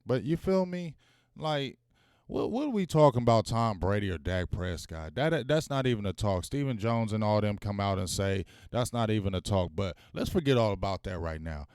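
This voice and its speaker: Speaking at a moderate pace with a lowish, clear and resonant voice, a man runs a sports talk livestream. He's animated, using casual slang and addressing viewers directly. The studio sound is clean, with no room sound.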